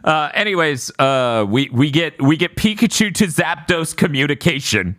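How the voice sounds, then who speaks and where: A man's voice: a little high, lively intonation, normal speed, a bit bright, no room sound, clean studio sound. A man co-hosting a podcast, casually recapping a movie and laughing often. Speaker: podcast co-host. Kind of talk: casual movie review chat.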